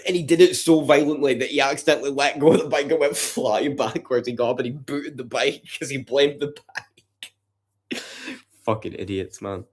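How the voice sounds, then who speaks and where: A man's voice: mid-range voice, moderate pace, husky. A man chatting casually and profanely with his livestream audience from home at night. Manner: profane, rambling banter with chat.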